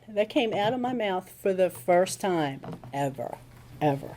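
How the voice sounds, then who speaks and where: A woman's voice: medium pitch, animated, measured pace, noisy background. A woman speaking at a recovery meeting, telling her story in a casual conversational way and acting out what people said. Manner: conversational storytelling with acted-out quotes. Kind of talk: personal testimony talk.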